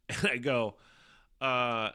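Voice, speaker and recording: Solo podcast host, male, bright forceful tone, foul-mouthed rambling storyteller who keeps laughing. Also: medium pitch, fairly even intonation, very slow, clean tone. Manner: profane, rambling, laughs often.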